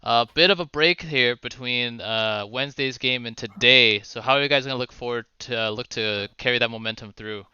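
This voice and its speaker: Esports host dude, super bright crisp voice, dry close mic, kinda lo-fi. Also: male voice, mid-range voice, brisk, few pauses, no room sound. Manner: lively, laughs a lot, swears casually. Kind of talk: casual streamed esports commentary.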